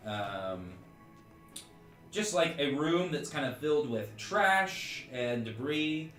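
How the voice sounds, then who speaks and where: A man's voice: fairly high pitch, animated, takes it slowly, a bit bright, reverberant, faint music behind. Rambling man running a tabletop game. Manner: casual and rambling, many fillers like "like" and "um". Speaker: game master.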